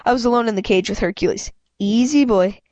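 A woman reads a children's chapter book aloud very fast, her darkish voice holding a steady tone. An amateur reader, she frequently stumbles and restarts, voices characters at a higher pitch, and apologizes and comments between passages. The recording is muffled, with no echo.

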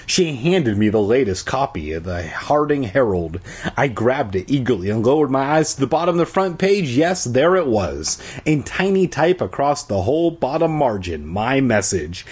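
Reading a kids' story aloud, a man with a husky, mid-range voice keeps a lively, swinging delivery. Between passages he cuts in with irreverent, crude jokes, keeping the whole reading casual, mocking and comedic.

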